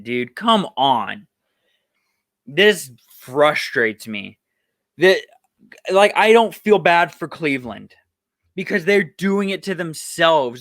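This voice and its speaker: A man's voice: a little high, fairly bright tone, dry recording. A young man hosting a solo sports podcast, ranting heatedly with profanity, then running through roster moves.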